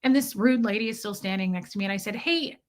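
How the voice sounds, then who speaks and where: A woman's voice: mid-range voice, racing, darkish tone. A woman hosting a casual podcast, telling a story with indignation, swearing freely and addressing her listeners. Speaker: podcast host.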